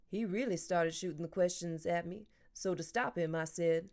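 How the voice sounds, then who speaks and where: A woman narrating a children's novel in an even, clear storytelling voice. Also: fairly low pitch, normal speed, few pauses. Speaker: audiobook narrator. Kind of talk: audiobook reading.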